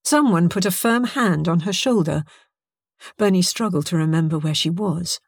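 A woman narrating an audiobook in a lively, expressive storytelling manner. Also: fairly low pitch, moderate pace, no echo, clean studio sound.

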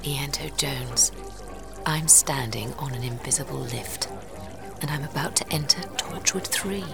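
A woman's voice: low-pitched, big pitch swings, unhurried, heavily acted. An actress playing a breezy, flirtatious woman who runs a secret agency, talking in a teasing, playfully commanding way in an audio drama. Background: music score.

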